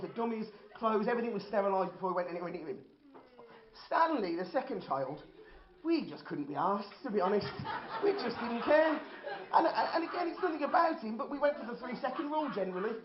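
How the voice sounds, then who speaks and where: A man, telling a dry, self-deprecating stand-up comedy set in an indoor hall. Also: high voice. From Birmingham, England. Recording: roomy, dull lo-fi hall recording.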